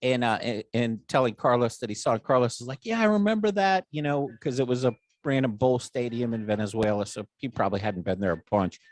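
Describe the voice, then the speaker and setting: This podcast host is a middle-aged man with a mid-range voice who talks fairly quickly with few pauses, captured in a dry recording. He spins a lengthy, comic family tale in a relaxed, chatty way, performing each character's voice and cursing without restraint.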